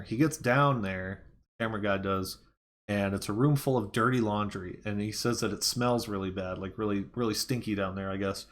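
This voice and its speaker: A man's voice: lowish voice, moderate pace. A man giving a casual movie review, retelling the plot in a rambling way with fillers and restarts.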